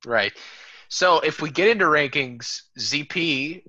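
A young man trades casual, profane banter as co-host of a beer podcast. His voice is bright and forceful, a little tense. The call audio is dull and lo-fi, with a dry sound and no room echo. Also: on the high side, lively intonation, slow pace. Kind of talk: casual chat. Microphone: video call.

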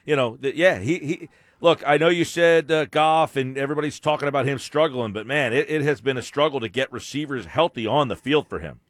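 A man hosting a sports radio show, talking in a casual, laid-back way with plenty of halting fillers. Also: medium pitch, dry recording. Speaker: radio host.

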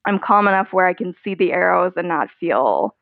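A woman's voice: fairly low pitch, animated, a little fast, gravelly, no echo. Woman, podcast guest, candid and chatty, dry tinny phone line sound. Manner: candid, chatty, laughs often, many "like" fillers. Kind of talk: conversational interview.

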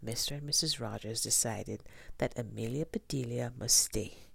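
A woman reading a children's storybook aloud, gentle and expressive. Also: extremely low pitch, moderate pace, creaky, breathy edge, no echo.

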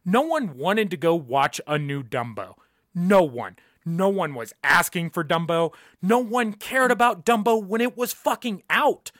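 A man's voice: high voice, expressive, measured pace, fairly bright tone, no room sound, clean studio sound. A young man hosting a podcast, ranting casually and emphatically, swearing often and repeating his points. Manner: profane, emphatic, repeats himself.

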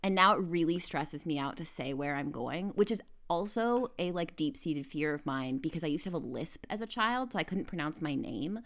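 Woman from the US in her twenties, very low voice, rambling podcast guest. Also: animated, normal speed, hardly any pauses, a bit bright. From United States. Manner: chatty, lots of filler words. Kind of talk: casual chat.

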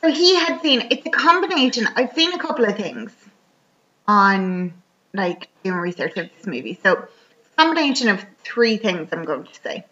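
A woman's voice: mid-range voice, big pitch swings, moderate pace, sharp tone, slight background noise. An Irish woman chatting casually as a podcast co-host, retelling a movie plot in a rambling way full of fillers. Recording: dull lo-fi recording.

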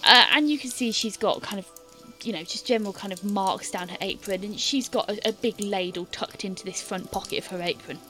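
A woman's voice: mid-range voice, brisk, few pauses, pushed and bright, soft background music. A woman game master narrating a tabletop scene in detail, with many fillers and hesitant restarts.

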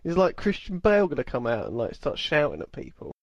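A man co-hosting a podcast, chatting casually, excitable and swearing often. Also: a little high, fast talker, gravelly, no echo, dull audio. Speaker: podcast co-host. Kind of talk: casual chat.

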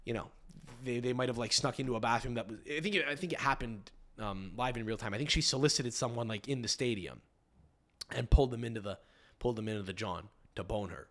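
A man's voice: mid-range voice, fast talker, fairly bright tone. A young man hosting a podcast, riffing casually with crude profanity and rambling restarts. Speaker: podcast host.

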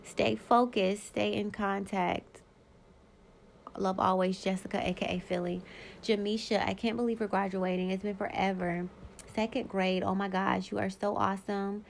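A woman in her thirties hosts a solo podcast, her voice carrying a steady gravelly fry. She talks frankly and swears freely, speaking straight to her listeners in loose, unscripted chat. Now and then she reads old yearbook messages aloud in the same easy way. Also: mid-range voice, slight background noise. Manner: candid, profane and emphatic, talks straight to listeners. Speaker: podcast host.

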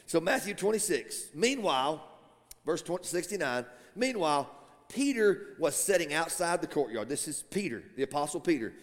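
A man preaching a sermon as pastor, animated and building to shouts. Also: fairly high pitch, normal speed. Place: church sanctuary. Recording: long church hall reverb.

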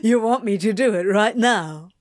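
A woman's voice: medium pitch, moderate pace, dry recording, clean studio sound, lightly acted. A woman reading as a flustered sardonic male demon.

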